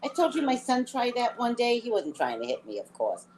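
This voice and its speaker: A middle-aged woman, a psychic reader, telling a story in an animated, emphatic way during a live reading chat. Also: a little high, a little fast, slight background noise.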